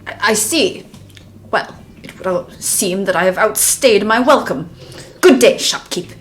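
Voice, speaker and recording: A woman voicing a pompous Victorian-styled gentleman with an English accent, speaking in a stiff, formal, haughty way. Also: medium pitch, expressive, measured pace, slight background noise, close to an everyday voice.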